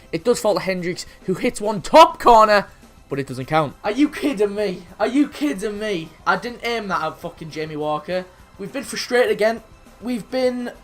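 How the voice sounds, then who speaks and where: A young man in his twenties giving excitable, sweary commentary over his own football video game match. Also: sits high. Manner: excitable, sweary, frequent frustrated outbursts. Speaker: gaming YouTuber. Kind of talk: gameplay commentary.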